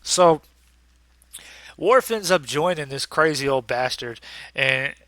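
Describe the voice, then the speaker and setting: A man's voice: a little high, animated, takes it slowly, a bit bright, dry recording. A man giving a casual ranting review in a crude, sarcastic, exasperated way.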